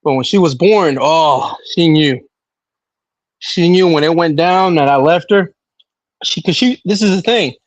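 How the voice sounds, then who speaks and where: Emphatic man, loud and insistent. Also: on the high side, unhurried, dry recording, lo-fi sound. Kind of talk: casual chat.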